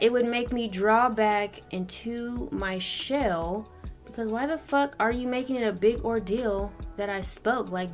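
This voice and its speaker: A woman in her twenties chatting bluntly while doing her makeup, with a lot of swearing and animated storytelling. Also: mid-range voice. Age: 20s. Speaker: beauty vlogger.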